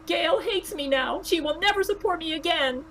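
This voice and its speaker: A woman's voice: very high voice, normal speed, a bit bright, a little hiss or hum, voice pushed up, low-quality recording. A woman voicing a pathetic middle-aged man who pleads and whines as he begs for mercy. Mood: pleading. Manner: pleading, whiny.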